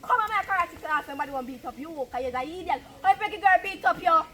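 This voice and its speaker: Boastful Jamaican woman, high voice. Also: animated, fast, fairly bright tone, a little hiss or hum. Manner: jealous, boastful. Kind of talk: Jamaican patois film dialogue.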